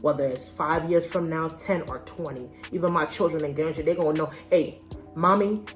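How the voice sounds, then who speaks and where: A young woman with a notably deep, low voice tells her own story straight to the camera. Her talk is candid, slangy and conversational, like a casual vlog. Soft music plays faintly behind her. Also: fairly even intonation, a little fast. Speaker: vlogger.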